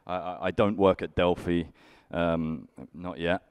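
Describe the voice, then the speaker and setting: A young British man doing a stand-up comedy set on a conference stage, with a dry, self-deprecating, deadpan delivery. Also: deep voice, measured pace, clean tone, no room sound. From United Kingdom. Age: young adult. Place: conference stage before a live audience.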